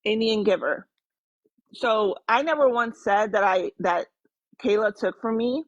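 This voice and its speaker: A woman's voice: mid-range voice, lively intonation, measured pace, no room sound, highs cut off. Confrontational young woman calling someone out. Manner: confrontational, sarcastic. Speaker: former moderator. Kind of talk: heated live-stream callout.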